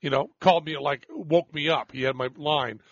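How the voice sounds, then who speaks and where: Gravelly, husky-voiced man hosting radio. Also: fairly high pitch, moderate pace, no echo, dull audio. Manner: self-deprecating, rambling with restarts. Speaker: radio show host. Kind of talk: casual radio chat.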